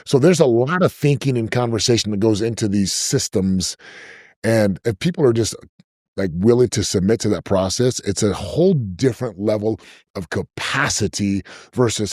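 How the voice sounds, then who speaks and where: A middle-aged man talking as a podcast guest, giving business advice in an energetic, emphatic way and repeating himself to stress a point. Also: on the low side, normal speed, no echo, studio quality. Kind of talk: conversational interview.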